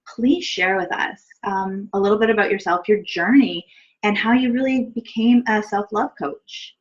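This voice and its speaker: A woman's voice: mid-range voice, normal speed, dull audio. A woman hosting an interview who asks her opening question in a friendly, hesitant way. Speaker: interviewer, host.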